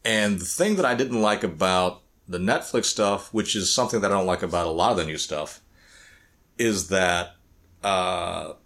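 A man's voice: low voice, normal speed, fairly bright tone. A middle-aged man co-hosting a podcast in casual chat, often repeating words and restarting phrases while he thinks. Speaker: podcast co-host.

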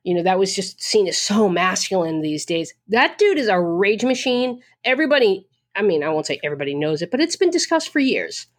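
A woman's voice: mid-range voice, big pitch swings, a little fast, hardly any pauses. A woman from the Boston area chatting casually as a co-host, blunt, profane and opinionated, with lots of fillers. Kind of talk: casual chat.

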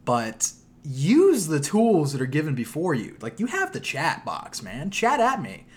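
Man, podcast host, casual chat, animated storytelling, swings up and down a lot. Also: a little high, measured pace.

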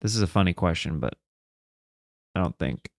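A man's voice: low-pitched, lively intonation, normal speed, gravelly, dry recording, clean studio sound. A man hosting a comedy podcast, joking loosely with a guest and reading listener questions in an offhand way. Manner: loose, joking, filler-heavy. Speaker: podcast host. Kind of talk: casual chat.

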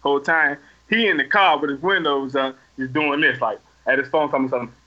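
A man co-hosting a podcast, telling a story in a casual, animated and profane way that gets loud when he acts things out. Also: mid-range voice, quick pace, muffled recording. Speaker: podcast co-host.

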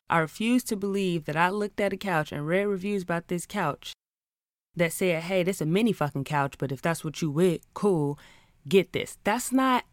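A woman hosting a podcast, telling a comic story in an animated, profane, exasperated rant. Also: medium pitch, no room sound, studio quality. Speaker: podcast host. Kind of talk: comedic storytelling monologue.

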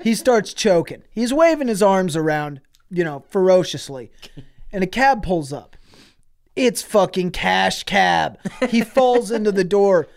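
Comedy podcast co-host, male, slow laughing delivery, lively swings in pitch. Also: creaky. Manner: laughing through absurd crude story, slows for effect. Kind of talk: improvised comic storytelling.

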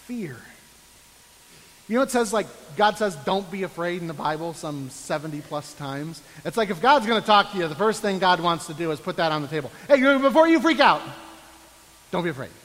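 A man's voice: a little high, fairly quick, a bit bright, in a large hall, rough recording. A man preaching a sermon with a sarcastic, mock-complaining edge before turning earnest. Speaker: pastor.

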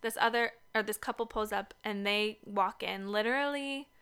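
A woman's voice: mid-range voice, moderate pace, fairly bright tone, smooth. A young woman co-hosting a casual podcast from a basement home studio, upbeat and chatty. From Seattle area. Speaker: podcast co-host. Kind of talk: casual chat.

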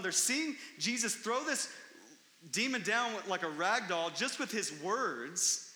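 Pastor, male, high and very bright voice, animated preaching, echoey hall with long reverb. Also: unhurried. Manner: animated storytelling, rising to excited emphasis. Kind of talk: sermon.

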